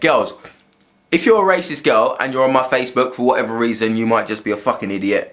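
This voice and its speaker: A man's voice: medium pitch, a bit bright. Blunt, swearing young man. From England. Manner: blunt, rambling, heavy swearing, many restarts. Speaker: vlogger. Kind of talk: casual spoken monologue.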